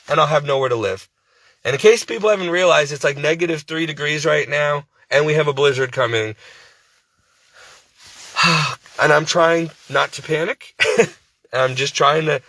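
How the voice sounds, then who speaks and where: A man's voice: on the high side, pushed and bright, no echo. A sleep-deprived man working as a part-time caregiver, venting to camera in a rambling, exasperated, pleading way. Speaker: devout Christian.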